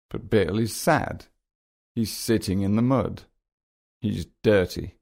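Slow, low-voiced man reading a story. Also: creaky, a little mellow. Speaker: narrator. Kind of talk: scripted narration of a children's reader.

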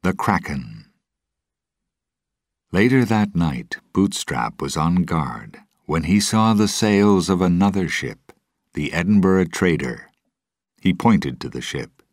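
Very deep, slow male storybook narrator. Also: expressive, no room sound, clean studio sound. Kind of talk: storybook reading.

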